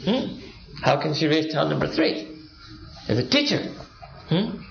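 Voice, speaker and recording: Guy giving a sermon, kinda high voice, keeps throwing rhetorical questions, echoey dull recording. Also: sing-song, a little slow, vocal fry, a little hiss or hum. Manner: rhetorical questions with frequent prompting "hmm?". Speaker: Islamic speaker. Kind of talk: sermon-style lecture. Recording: roomy, dull lo-fi sound.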